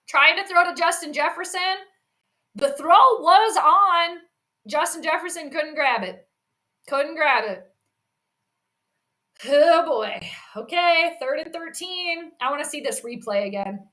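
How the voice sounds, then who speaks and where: Woman streamer doing play by play, high bright voice, chats w her viewers a lot. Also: lively intonation, measured pace. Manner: chatty, reacts to plays, reads chat comments. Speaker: live stream commentator. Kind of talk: live play-by-play commentary stream.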